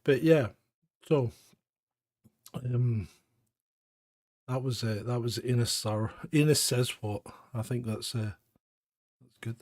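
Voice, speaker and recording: A man's voice: mid-range voice, takes it slowly, pauses often, darkish tone, no echo. Scottish man, live show host, casual rambling chat, self-mocking, dry sound.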